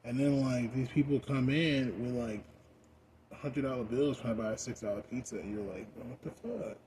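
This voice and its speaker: A young American man rambling casually while high, full of fillers and swearing. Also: fairly even intonation, moderate pace, darkish tone. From United States. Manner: rambling, heavy on "like" fillers, profane. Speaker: vlogger. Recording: noisy background.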